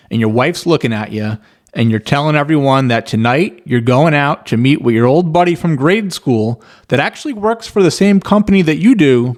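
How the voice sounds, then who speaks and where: A man speaks in a middle-pitched voice in a reaction commentary. He sounds skeptical and walks through long hypothetical scenarios to make his argument.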